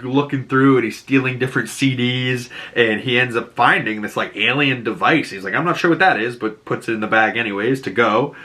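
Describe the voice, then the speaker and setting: A man with a Boston accent hosts a casual TV recap, his voice bright and forceful. He laughs often and slips into high put-on voices to act out lines. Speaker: YouTube show host.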